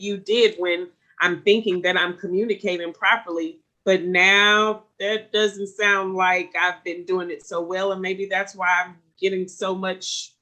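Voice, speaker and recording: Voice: mid-range voice, pushed and bright. A panel moderator giving closing remarks on a live online panel, rambling with many fillers and restarts.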